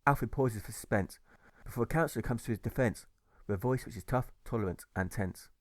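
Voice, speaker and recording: A man's voice: mid-range voice, brisk, dry recording. Male author-narrator, rhythmic rhyming audiobook read, dry close sound. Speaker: author reading his own novel.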